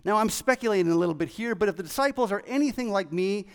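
An excitable preacher with a very high, light voice delivers his sermon, acting out the people in the story as he goes. The sound rings with the long reverb of a large hall. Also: fast talker, clean tone. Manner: excitable, animated, acts out quoted voices. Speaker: pastor.

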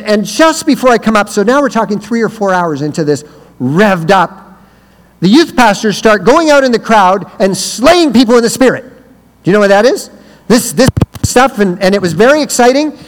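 A man with a high voice preaches as a visiting speaker, telling stories and now and then shouting out lines. His voice rings through a big hall with a long echo tail. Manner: storytelling, swings to loud shouted quotes. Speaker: guest speaker. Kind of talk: sermon. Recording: reverberant hall.

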